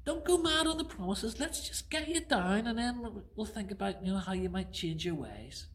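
A man doing a calm, patient God. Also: sits high, moderate pace, a little hiss or hum, voice pushed up. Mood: reassuring.

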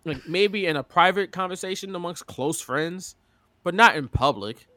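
A man's voice: high-pitched, expressive, moderate pace, bright, forceful tone, dry recording. A man co-hosting a podcast, telling a story in casual chat and laughing often. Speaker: podcast co-host.

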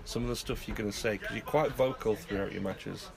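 A man's voice: fairly low pitch, brisk, gravelly, a crowd in the background. A man interviewing a wrestler, asking loose, rambling questions in a casual chat.

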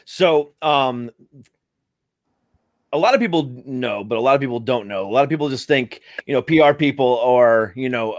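A man's voice: mid-range voice, lively intonation, moderate pace, dry recording. A man hosting a livestream interview, asking questions in a casual way with many fillers. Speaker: interview host.

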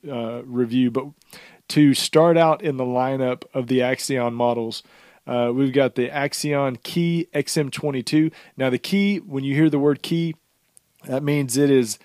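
A man co-hosts a gear review show in a casual, talkative way, teasing his partner and running through product specs. His middle-pitched voice sits close to the microphone with a dry, dead sound and no room around it. The delivery is loose and conversational. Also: darkish tone, no room sound. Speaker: show co-host and executive producer. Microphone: close desk microphone.

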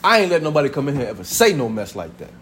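In a church sanctuary, a pastor in his thirties preaches to his congregation at a racing pace, his mid-range, slightly bright voice very animated. He keeps it conversational, laughs a lot, and acts out family members' voices, with a little hiss or hum on the recording.

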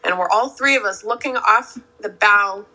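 A young woman on whale-watching boat crew, telling stories in a relaxed, casual way with "like" fillers. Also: medium pitch, normal speed, low-quality recording. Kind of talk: casual storytelling.

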